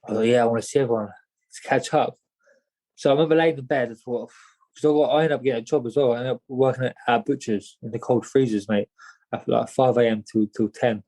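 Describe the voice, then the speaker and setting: A man's voice: mid-range voice, steady tone, fast talker, mellow, rough recording. Young guy, boxer on a podcast, rambling, repeats himself, says mate a lot. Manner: rambling, repeats words, many "mate" and "do you know what I mean". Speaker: guest, boxer. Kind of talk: casual storytelling.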